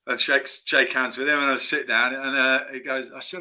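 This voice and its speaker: A man's voice: medium pitch, little pitch movement, moderate pace, sharp tone. A man chatting as a screenwriter guest in a casual interview, telling rambling anecdotes full of restarts.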